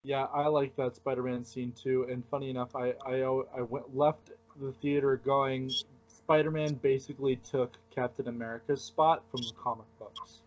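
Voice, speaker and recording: A man hosting a podcast, chatting casually and telling stories with lively, laughing energy. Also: medium pitch, normal speed. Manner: animated, laughing storyteller. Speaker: podcast host. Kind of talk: casual chat. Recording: dull lo-fi audio.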